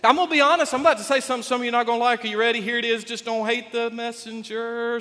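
A man preaching a sermon, animated and folksy, joking with the congregation. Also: very high-pitched, racing, few pauses. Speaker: pastor. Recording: long reverb of a large hall.

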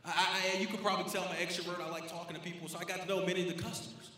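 A man preaching a sermon as a pastor, moving between quiet storytelling and shouted calls to the congregation. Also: high-pitched, flat delivery, racing, a little hiss or hum. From Florida, USA. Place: church sanctuary. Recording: echoey hall with long reverb.

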